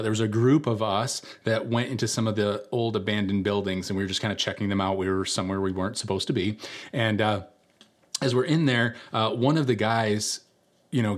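A man preaching a sermon in a conversational storytelling way, full of fillers, who repeats key lines for emphasis. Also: fairly low pitch. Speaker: pastor.

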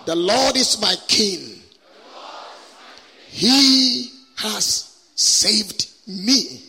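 Impassioned preacher in a reverberant hall. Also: male voice, high voice, expressive, vocal fry, sharp tone, breathy edge. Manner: impassioned, drawn-out preaching cadence. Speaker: guest preacher. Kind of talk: sermon with prayer and call-and-response. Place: large church hall.

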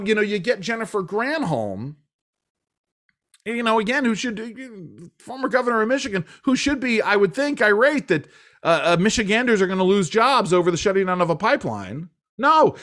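A man hosting a political talk show, speaking in a halting way with many restarts and fillers. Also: sits high, a bit bright. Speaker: radio talk show host.

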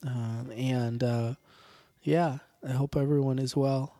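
A man hosting a podcast, signing off in a rambling, jokey way with a hoarse, strained voice and many fillers. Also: mid-range voice, fairly even intonation, slow, mellow, no room sound. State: hoarse, sore throat with coughing. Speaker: podcast host. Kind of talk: casual podcast sign-off.

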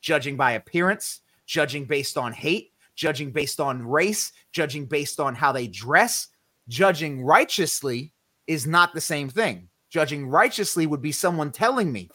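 This podcast co-host teaches scripture on a laid-back faith show, his slightly high voice sharp-toned and animated yet measured in pace. He leans emphatic and somewhat preachy, tossing in slang along the way, captured dry and close-miked with no room around it.

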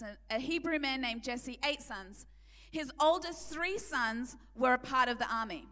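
A woman preaching a sermon, retelling a Bible story with animated delivery and acted-out quotes. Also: sits high. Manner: animated, acts out quotes, emphatic repetition. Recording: long hall reverb.

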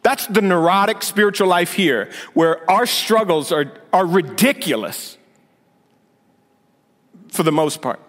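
A man's voice: high voice, expressive, a little slow, long pauses, fairly bright tone. A male senior pastor giving a conversational sermon with sarcastic asides, building to emphatic points. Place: church sanctuary. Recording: long reverb of a big hall.

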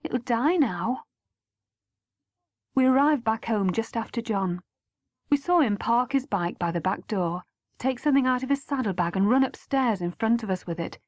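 A woman's voice: on the high side, expressive, moderate pace, no room sound. Woman narrating an audiobook, dry close sound. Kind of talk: first-person audiobook narration.

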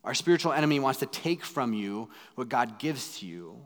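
A man in his thirties, a pastor preaching a sermon in a dramatic way, going from loud pleading to hushed asides. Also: medium pitch, expressive, moderate pace. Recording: long hall reverb.

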